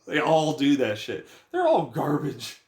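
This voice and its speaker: A man's voice: a little high, wildly swooping pitch, a little slow, darkish tone. A young man venting in a profane, agitated, rambling rant about his life. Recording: echoey room.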